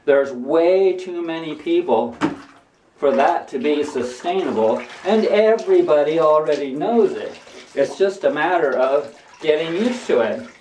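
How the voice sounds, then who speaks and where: A man with a somewhat high, slightly mellow voice speaks expressively and unhurriedly, far from the mic with slight background noise. In a casual how-to vlog, he rambles and preaches with lots of restarts while hand-washing laundry in a bathtub, amid echo and running water.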